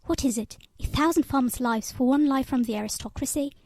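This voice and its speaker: A woman's voice: high-pitched, brisk, a little mellow, dry recording. A woman voicing an angry young male stableman who growls and mocks, in a read-aloud novel. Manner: bitter, growling, mocking.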